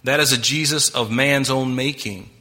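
A man's voice: medium pitch, fairly even intonation, normal speed, bright, forceful tone. A man preaching a sermon as pastor, emphatic and impassioned, talking straight to his congregation.

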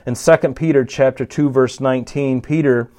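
A man's voice: mid-range voice, fairly even intonation, moderate pace, a little mellow. A man preaching an expository sermon, teaching conversationally with restarts and rising emphasis. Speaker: pastor.

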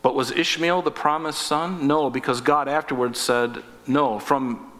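Bright-voiced man preaching in a hall. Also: a little high, moderate pace. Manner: reads scripture aloud, breaks in with asides. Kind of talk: sermon reading and commenting on scripture. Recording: long reverb of a hall.

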